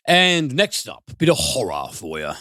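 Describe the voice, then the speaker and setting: A man reviewing films on a podcast, animated and given to swearing and sudden high mimicry. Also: no echo, studio quality. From United Kingdom. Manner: animated, swears, mimics voices with big pitch jumps. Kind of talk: casual podcast film review.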